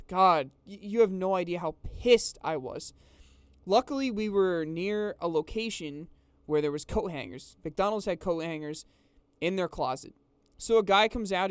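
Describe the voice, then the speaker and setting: High-voiced man, rambling and exasperated. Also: clear, resonant tone, no room sound. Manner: rambling, exasperated, restarts often. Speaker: vlogger. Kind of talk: casual storytelling.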